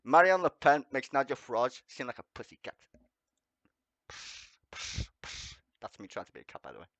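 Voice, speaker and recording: A man's voice: medium pitch, very animated, quick pace, fairly bright tone, dry recording. A man hosting a livestream, ranting sarcastically with constant swearing and laughing at his own jokes. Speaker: livestream host. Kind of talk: profane sarcastic ranting commentary.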